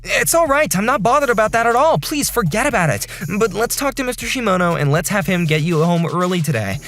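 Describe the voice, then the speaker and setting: A man voicing a calm, considerate section chief who narrates and talks in a reassuring, apologetic way. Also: high-pitched, brisk, faint music behind. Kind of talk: first-person story narration in a dubbed animation.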